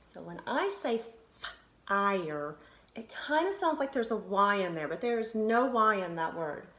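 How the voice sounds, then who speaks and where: Woman, elementary teacher, slow deliberate phonics delivery, animated intonation, roomy recording with faint hiss. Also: mid-range voice. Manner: slow, sounding out syllables and letters. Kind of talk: phonics lesson to children on video. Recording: roomy echo, faint noise.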